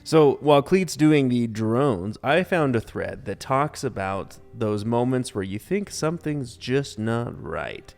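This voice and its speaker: Male podcast co-host, mid pitch, playful and jokey, quiet music behind. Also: expressive, takes it slowly, creaky, few pauses, big-room sound. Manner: joking, playful, laughs easily. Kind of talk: casual banter.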